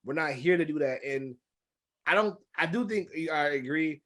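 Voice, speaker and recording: Animated high-voiced man riffing. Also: moderate pace. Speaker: podcast co-host. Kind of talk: casual chat.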